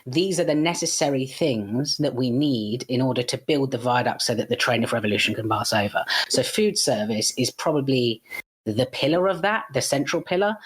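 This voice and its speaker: Husky, blunt, fired-up man. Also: medium pitch. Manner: blunt and fired-up, swears freely; frequent false starts and self-corrections. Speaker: podcast guest. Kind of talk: unscripted podcast discussion.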